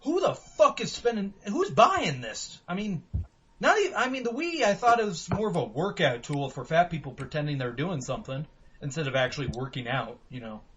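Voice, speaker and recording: A man's voice: on the high side, very animated, brisk, fairly bright tone, slight background noise. A young man hosting a casual podcast, rambling and swearing freely, often laughing. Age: young adult. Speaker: podcast host. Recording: dull lo-fi podcast audio.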